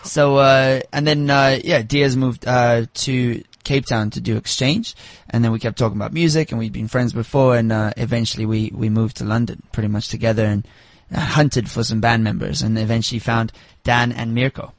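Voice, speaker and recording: A man's voice: medium pitch, steady tone, normal speed, hardly any pauses, no echo. A man from South Africa, the frontman of a band, answering radio interview questions in an easygoing, teasing way with lots of fillers. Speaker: band frontman, singer and guitarist. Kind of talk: casual interview. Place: radio studio.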